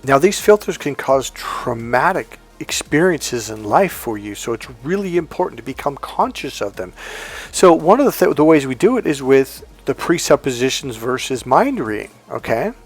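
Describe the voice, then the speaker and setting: A man's voice: medium pitch, normal speed, breathy edge, faint music behind. A man coaching on relationships in a casual talk, acting out both sides of conversations and often restarting his sentences. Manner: animated, acts out both sides of dialogues; frequent restarts and self-corrections. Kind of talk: casual teaching monologue.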